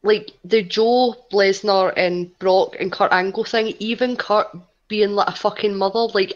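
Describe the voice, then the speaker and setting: A woman's voice: medium pitch, fairly even intonation, a little slow. Woman co-host, casual rambling talker, lo-fi mic. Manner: rambling, sweary, lots of "like". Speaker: podcast co-host. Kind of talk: casual wrestling chat.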